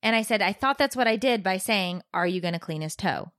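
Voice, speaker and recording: Animated bright-voiced woman telling stories. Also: mid-range voice, a little fast, no echo, clean studio sound. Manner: animated storyteller, acts out voices. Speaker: podcast co-host. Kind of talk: casual chat.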